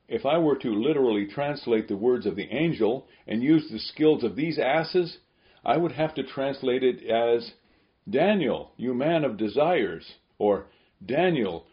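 A man's voice: medium pitch, lively intonation, unhurried, dull audio. A man giving an audiobook reading of an old letter in an emphatic, rhetorical way, with scornful asides. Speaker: reader.

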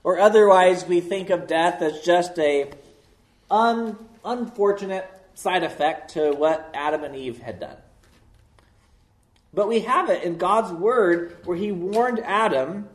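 A man preaching a sermon as pastor, slow and deliberate, leaning hard on key words. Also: high-pitched, echoey room.

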